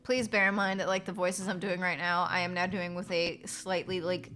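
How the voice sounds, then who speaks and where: A woman's voice: lowish voice, flat delivery, moderate pace, fairly bright tone, faint music behind. A woman streamer and voice actor chatting casually on a live stream from her apartment, rambling with fillers and swearing, her nose congested. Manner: rambling, frequent fillers and profanity.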